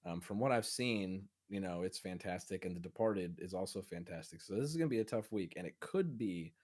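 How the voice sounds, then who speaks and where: A man's voice: low-pitched, expressive, fairly quick, darkish tone, breathy edge. A man co-hosting a casual film podcast, rambling through stories with many fillers. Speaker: podcast co-host.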